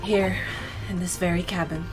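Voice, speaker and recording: Brief: quiet grieving young assistant, read by a woman, low and soft. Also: fairly even intonation, normal speed, faint music behind, natural voice, low-quality recording. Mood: quietly pleading. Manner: quiet, pleading.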